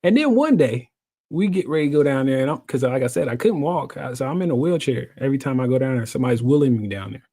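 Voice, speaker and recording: A man's voice: mid-range voice, expressive, fast, mellow. A man in his thirties telling a personal story as a guest, joking and acting out the other people's voices. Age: 30s. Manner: jokey, acts out voices, laughs often. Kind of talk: animated storytelling.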